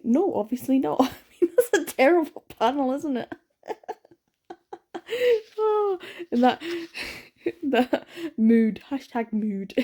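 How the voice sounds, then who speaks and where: A young woman chatting excitedly in a late-night reading vlog, sleepy with her words slurring, gasping and laughing as she gushes about a book. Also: a little high. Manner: gushing and excitable, frequent laughs and gasps. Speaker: book vlogger.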